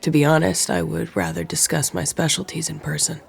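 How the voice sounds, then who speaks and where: A narrator voicing a scheming man who makes a smooth, persuasive offer on the phone. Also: mid-range voice, steady tone, a little fast.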